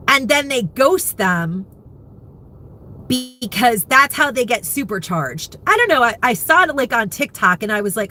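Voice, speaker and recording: A woman's voice: a little high, pushed and bright. A woman in her fifties chatting candidly to viewers in a rambling, emotional way. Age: 50s. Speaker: vlogger. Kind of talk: candid live chat.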